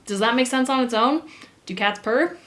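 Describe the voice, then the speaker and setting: Animated woman teaching in an echoey room. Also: fairly high pitch, a little hiss or hum. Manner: upbeat and animated, quick bursts of excitement. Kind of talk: grammar lesson at a whiteboard.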